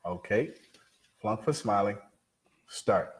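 A man acting as coach in a recorded drill demonstration, slow and mocking as he tries to provoke the student. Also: on the low side, low-quality recording. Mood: taunting.

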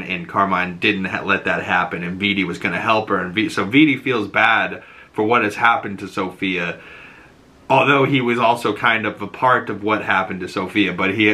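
Boston podcast host, male, bright and forward voice, loose rambling recap with quoted voices. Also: lowish voice. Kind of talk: casual episode breakdown.

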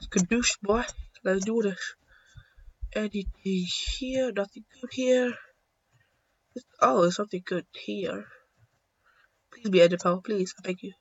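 A young man giving excitable, joking commentary while playing a video game, swearing now and then. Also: sits high, a little slow, pauses often, breathy edge, no echo. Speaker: gaming YouTuber. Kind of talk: casual gameplay commentary. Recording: dull lo-fi dry sound.

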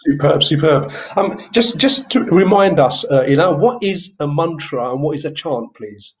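A man hosting an interview, encouraging and quick to affirm his guest. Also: a little high, expressive. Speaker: interview host. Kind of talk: conversational interview. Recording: lo-fi muffled sound.

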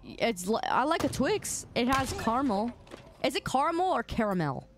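A woman's voice: on the high side, big pitch swings, moderate pace, soft background music. A woman streaming a game and chatting casually with her viewers, playful and teasing, repeating words in sing-song bursts. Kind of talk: casual chat with viewers while gaming.

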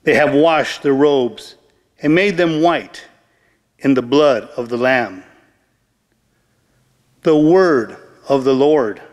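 A man reading scripture aloud at Mass, slow, measured and solemn. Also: mid-range voice, darkish tone. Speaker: lector. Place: large church. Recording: church with long reverb.

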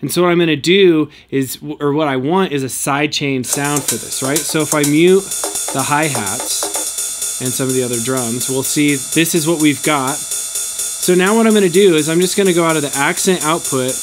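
A man's voice: fairly high pitch, normal speed. A man hosting a hands-on synth tutorial, explaining casually with plenty of fillers. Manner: relaxed, filler-heavy explaining. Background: electronic music playing from his rack.

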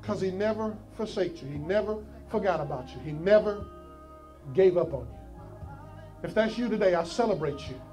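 A high-pitched male preacher delivers an altar call from the pulpit, repeating his pleas again and again and building to shouts. Soft music plays beneath his voice. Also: expressive, moderate pace. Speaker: pastor.

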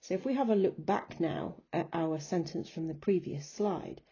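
A woman English teacher with a British accent giving a recorded lesson, slowing down to stress and repeat rhythms as she demonstrates them. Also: fairly low pitch, warm tone, husky. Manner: clapping out rhythms, slow emphatic demonstrations. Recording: dull lo-fi recording.

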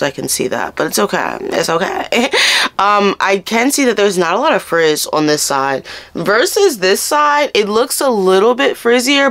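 Chatty woman hair vlogger. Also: mid-range voice. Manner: chatty, animated, talks to viewers as friends. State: raspy just-woken voice. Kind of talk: casual hair tutorial vlog.

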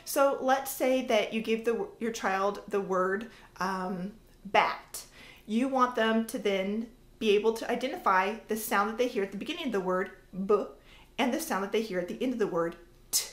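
A woman's voice: medium pitch, moderate pace, reverberant. A woman in her thirties, a homeschooling mother, casually explaining how to teach reading with sounded-out examples. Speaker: homeschool mom and educator. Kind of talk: casual teaching talk to camera.

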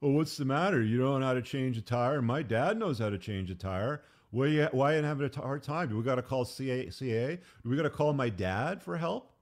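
A man's voice: medium pitch, expressive, a little fast, few pauses, voice pushed up, lightly acted. A man putting on the voice of a nagging wife who taunts her husband with whiny questions. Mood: mocking. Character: nagging mocking wife, adult woman.

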